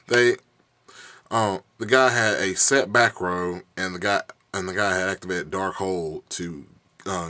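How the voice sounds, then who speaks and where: Young male vlogger, low-pitched, coughing, profane rambling rant, dry close sound. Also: bright, forceful tone, no room sound. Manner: heated, rambling, profane, many restarts and fillers. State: bad cough. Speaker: YouTube vlogger. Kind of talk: casual rant.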